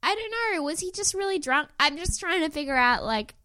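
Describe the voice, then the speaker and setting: A woman's voice: very high-pitched, expressive, a little fast, sharp tone, no room sound, clean studio sound. A young woman, co-hosting a podcast in a loose, giggly way with lots of fillers. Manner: giggly, rambling with many fillers. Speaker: podcast co-host. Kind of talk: casual chat.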